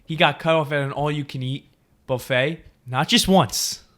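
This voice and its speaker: A man's voice: on the high side, normal speed, a bit bright. Teasing man in a casual chat. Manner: teasing, interjecting. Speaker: co-host.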